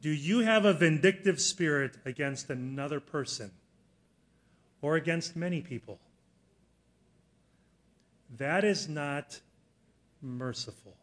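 A middle-aged man preaches in an earnest storytelling voice that sits a little high for a man. He builds from steady explanation to loud, emphatic moments as he drives home his points. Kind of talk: sermon with personal story.

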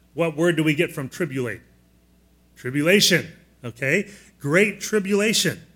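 A male pastor preaching a sermon in a slightly raised, clear voice. He is plainspoken and teacherly, steadily asking his listeners questions. He walks them through the blanks in their sermon notes. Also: fairly high pitch, pushed and bright. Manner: plainspoken, asks the congregation frequent questions.

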